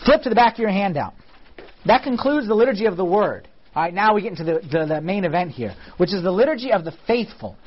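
A man's voice: high voice, animated, fast talker, husky, muffled recording. A man teaching a church class on the liturgy in a casual, conversational way, often asking his listeners questions.

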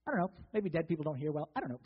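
High-voiced male preacher in a echoing hall. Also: big pitch swings, fast talker, breathy edge. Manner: conversational preaching, acting out the people in the story. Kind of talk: sermon. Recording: dull lo-fi sound with long hall reverb.

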